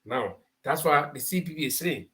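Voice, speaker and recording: Man, Liberian English accent, talk show host, slightly raised pitch, folksy storytelling commentary. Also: lively intonation, moderate pace, a bit bright. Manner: folksy, explains with homespun parables and stories; laughs while telling stories. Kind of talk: live political commentary.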